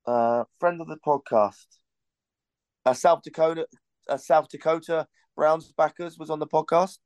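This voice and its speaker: A man's voice: on the high side, fairly even intonation, a little slow, darkish tone, dry recording. A man hosting a podcast, telling a rambling, casual story and swearing now and then. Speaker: podcast host.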